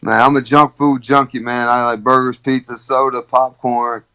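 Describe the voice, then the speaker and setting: A man's voice: mid-range voice, flat delivery, normal speed, bright, forceful tone, clean tone, rough recording. A man, a guest in a casual interview, talking in a laid-back, joking way. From Alabama, USA. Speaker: professional fighter, guest.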